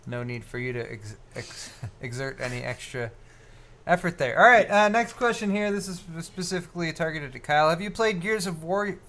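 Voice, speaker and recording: A man's voice: a little high, expressive, normal speed, fairly bright tone. A man co-hosting a live tech stream, chatting casually and rambling, with lots of fillers and restarts. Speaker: co-host of a live tech show.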